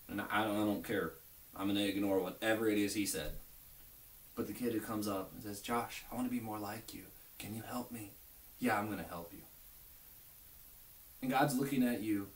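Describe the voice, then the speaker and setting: A man's voice: fairly low pitch, quick pace. A young man giving an informal, earnest video sermon as a youth pastor, often dropping to near whispers. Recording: echoey room, mic at a distance, faint hiss.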